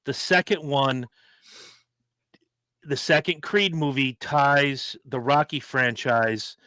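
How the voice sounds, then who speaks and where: A man co-hosting a casual podcast, talking in an animated way and quick to act out movie quotes. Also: mid-range voice, dry recording. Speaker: podcast co-host. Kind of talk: casual chat.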